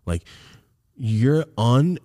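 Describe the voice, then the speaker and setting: A man's voice: mid-range voice, extremely slow. A man hosting a podcast, telling a story in casual chat, swearing freely and acting out the voices of the people in it. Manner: animated, profane, acts out the voices in his stories. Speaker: podcast host.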